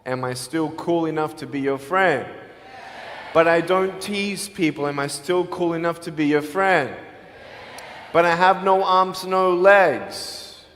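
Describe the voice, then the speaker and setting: A man giving a motivational speech to students, telling stories with humor and swinging between loud and soft. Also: fairly high pitch, measured pace, slight background noise. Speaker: motivational speaker. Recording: long hall reverb.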